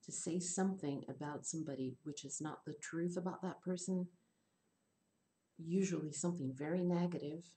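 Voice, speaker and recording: A woman teaching English in an online class, explaining slowly and rephrasing her points. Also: low voice, dark tone, a little hiss or hum.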